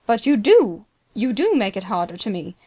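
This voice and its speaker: An anxious, proud older banker, read by a woman, talking in a hurried, pleading way. His voice sits at a middle pitch in a storybook reading. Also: animated.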